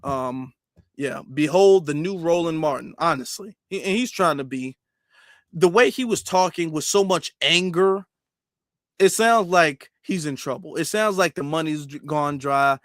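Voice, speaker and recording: High-voiced emphatic male streamer. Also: unhurried, a bit bright, no room sound, clean studio sound. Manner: emphatic and repetitive, with rhetorical questions. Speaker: political commentary streamer. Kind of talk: live-stream commentary reading super chats.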